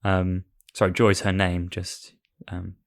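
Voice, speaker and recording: A man's voice: deep voice, monotone, takes it slowly, gravelly. A married man in his thirties co-hosting a podcast, self-deprecating and hesitant with lots of fillers. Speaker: podcast co-host. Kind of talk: casual chat.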